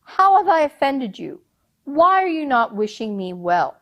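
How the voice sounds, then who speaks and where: Brief: imperious folk-tale Sultan, lifted and loud, voiced by a woman. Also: high voice, very animated, measured pace, dull audio, pitched above the performer's own voice, exaggerated voice. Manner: grand, imperious, coaxing. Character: proud, commanding Sultan, a ruler.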